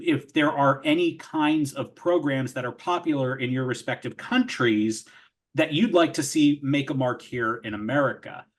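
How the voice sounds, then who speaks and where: A man hosts an interview panel. He speaks at a middle pitch and puts his questions together haltingly, leaning on fillers. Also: a bit bright. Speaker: interview host.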